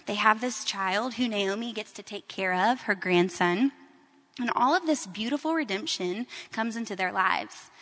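A woman's voice: medium pitch, normal speed, fairly bright tone, in a large hall. A woman teaching a Bible story in a casual, conversational storytelling way, with everyday fillers.

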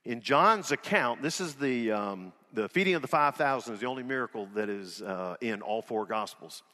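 A man's voice: mid-range voice, lively intonation, normal speed, pushed and bright, in a large hall. A man preaching a sermon as pastor in a church, folksy and joking, retelling scripture in a casual voice. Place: church sanctuary.

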